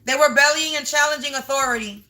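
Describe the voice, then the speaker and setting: A woman's voice: high-pitched, quick pace, bright, forceful tone. A woman doing a casual spiritual reading on a livestream from home, emphatic and repetitive, talking straight to her viewers.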